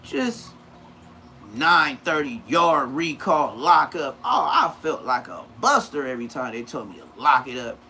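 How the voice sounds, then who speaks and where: A man's voice: a little high, a little slow, slight background noise. A man, telling profane stories on a casual livestream and acting out what people said in a raised voice. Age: 30s. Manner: animated, profane, acts out quotes in a raised voice.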